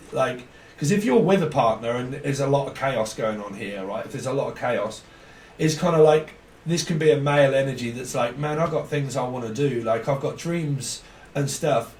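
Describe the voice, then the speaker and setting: A man's voice: medium pitch, darkish tone. A man giving a casual tarot reading, rambling, laughing often and swearing freely. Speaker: tarot reader. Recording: echoey room, mic at a distance.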